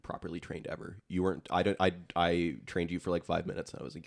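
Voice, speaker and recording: Low-pitched man, podcast co-host, loose rambling chat. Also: flat delivery, fast, vocal fry. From Ontario, Canada. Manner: rambling, full of "like" fillers. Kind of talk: casual chat.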